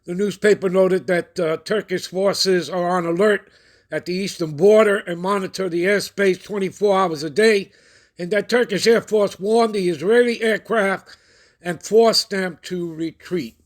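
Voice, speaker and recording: A man's voice: sits high, fairly even intonation. A man hosting a prophecy channel, reading news reports and scripture aloud and commenting on them. He keeps checking in with his listeners and stops now and then to look things up. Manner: checks in with listeners constantly ("all right?", "okay?"); pauses while looking things up.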